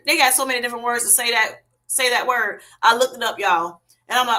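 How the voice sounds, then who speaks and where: A woman's voice: on the high side, fast talker, hardly any pauses, bright, forceful tone. A woman with a Southern US accent hosting a casual livestream, chatting with viewers and reading their comments aloud in a folksy way, laughing often. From Southern United States. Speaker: livestream host.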